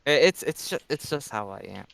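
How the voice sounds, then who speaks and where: A man on a voice call, explaining himself earnestly, halting and restarting often. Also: medium pitch, lively intonation, vocal fry, a bit bright, dry recording. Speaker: friend on a voice call. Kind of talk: casual chat.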